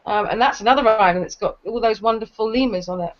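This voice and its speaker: A woman's voice: on the high side, quick pace. A middle-aged English woman with a faint American tinge, chatting casually and trailing off mid-sentence. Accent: English, with a slight American tinge. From England. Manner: chatty, restarts often, trails off. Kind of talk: casual chat. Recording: dull lo-fi stream audio.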